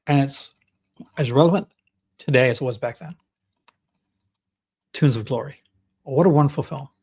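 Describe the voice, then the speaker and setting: Hosting a casual livestream, a young Canadian man with a Canadian accent chats about his collection, restarting often and using lots of fillers. He speaks at normal speed in a mid-range voice that is a little mellow and husky.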